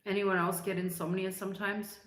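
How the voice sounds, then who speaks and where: A woman's voice: medium pitch, little pitch movement. Chatty woman, roomy echo. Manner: chatty, rambling, laughs often, drawn-out slang. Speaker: livestream host. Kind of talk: casual livestream chat.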